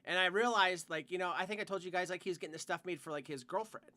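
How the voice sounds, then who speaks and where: A man's voice: sits high, fast, sharp tone. A young man co-hosting a podcast, telling a rambling work story full of "like" and swearing in casual chat. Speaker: podcast co-host.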